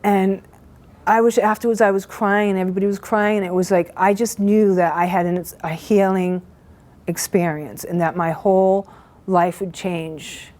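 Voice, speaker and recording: A woman's voice: mid-range voice, steady tone, darkish tone. Shaky, earnest woman giving testimony. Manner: halting, earnest, full of restarts. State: shaky with emotion. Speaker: event participant giving a testimonial. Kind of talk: emotional personal testimony.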